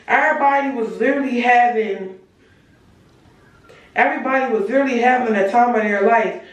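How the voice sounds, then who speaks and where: A teenage girl telling a story to her viewers in a lively, profane, chatty way, talking straight to the audience as y'all. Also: a little high, fairly quick, long pauses, dull audio. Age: late teens. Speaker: storytime vlogger. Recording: very echoey room, voice far from the mic.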